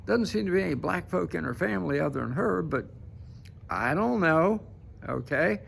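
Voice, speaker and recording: A man's voice: on the high side, expressive, moderate pace, creaky, fairly bright tone, a little hiss or hum. A man giving casual political commentary to camera, emphatic and repeatedly tagging his points with "okay?".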